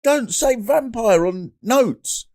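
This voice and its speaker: A man voicing a worried, fussy male nurse with a Chinese accent, speaking in halting, clipped phrases. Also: very high voice, animated, darkish tone, no echo, clean studio sound, voice pushed up, exaggerated voice.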